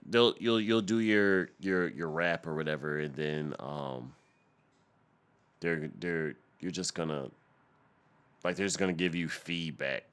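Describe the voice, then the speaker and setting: A young man hosting a podcast, ranting and swearing in a loud comedic tirade, stuttering and repeating words as he goes. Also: deep voice. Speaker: podcast host. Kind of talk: profane comedic rant.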